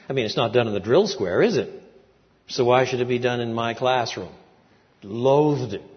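An older man preaching a sermon, telling a story with lively swings between quiet asides and loud, emphatic peaks. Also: mid-range voice. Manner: animated storytelling with big swings in loudness. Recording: muffled recording in a large reverberant hall.

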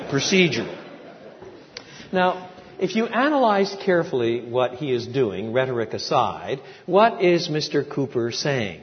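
An older man preaching a sermon, telling a story with lively swings between quiet asides and loud, emphatic peaks. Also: mid-range voice, a little slow, a little hiss or hum. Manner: animated storytelling with big swings in loudness. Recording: muffled recording in a large reverberant hall.

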